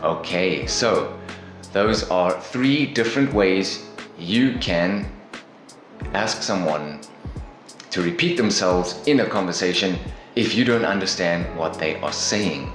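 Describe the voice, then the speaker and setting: A man with a low voice explains things calmly and steadily, like a teacher. He takes his time and spells each point out. The room is echoey, with faint background music. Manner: calm, explanatory, measured. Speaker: English teacher. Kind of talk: instructional lesson.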